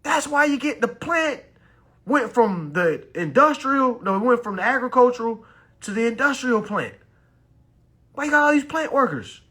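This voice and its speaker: A man, ranting loudly and preachily about banks, lawyers and people's rights, swearing as he goes. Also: very high voice, normal speed, slightly rough. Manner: loud, animated, preachy, swearing, mocking voices. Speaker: consumer advice live streamer. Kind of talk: heated ranting talk.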